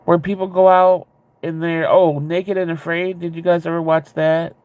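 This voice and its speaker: A man chatting casually with viewers, rambling and candid, with a ready laugh and a gravelly voice. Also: on the high side, little pitch movement, normal speed, darkish tone, no echo. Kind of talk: casual chat.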